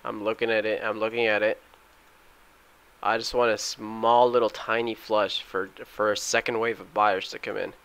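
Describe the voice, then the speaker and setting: A young man with a smooth, lowish voice talks at a moderate pace while recapping his day trades over screen recordings. He keeps it casual but gets worked up when trades fail, shouting at the chart.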